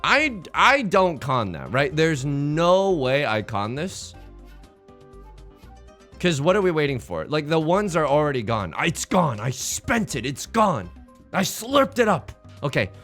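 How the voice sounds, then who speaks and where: A young American man hosts a let's play, giving casual, joking commentary while he plays a game and rambling to himself and his viewers. His voice is fairly high, sing-song, a little slow and a bit bright, with faint music behind it.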